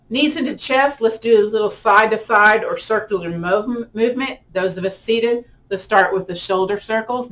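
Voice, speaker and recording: Her voice mid-range, a woman teaching yoga talks listeners through guided relaxation and visualization. She keeps it gentle, casual and unhurried, with friendly filler words.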